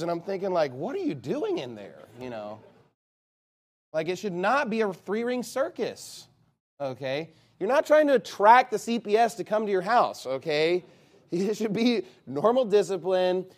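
Man, high-pitched voice, pastor preaching a sermon, emphatic, sudden loud bursts.

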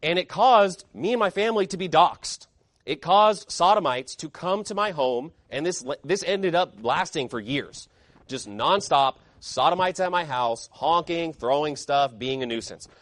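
Male pastor, high-pitched, punchy rhetorical sermon delivery, dry close sound. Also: animated, unhurried, a bit bright, no room sound. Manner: emphatic, fiery preaching with rhetorical questions.

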